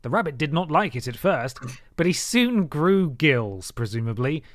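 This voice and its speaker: A man's voice: a little high, sing-song, normal speed, dry recording. Man reading a story with wry asides. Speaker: streamer and co-host. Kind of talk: reading a story aloud on a livestream.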